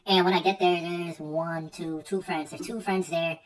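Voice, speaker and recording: A man's voice: on the high side, steady tone, moderate pace, heavy background noise. A young man telling a casual, rambling story full of slang and swearing, often repeating himself as he goes. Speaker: streamer. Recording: distant mic with faint music.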